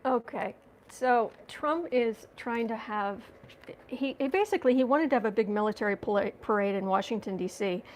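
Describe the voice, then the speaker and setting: A woman's voice: on the high side, moderate pace, darkish tone, a little hiss or hum. A woman hosting a livestream as a tarot reader, chatting casually and sarcastically while reading out viewer comments.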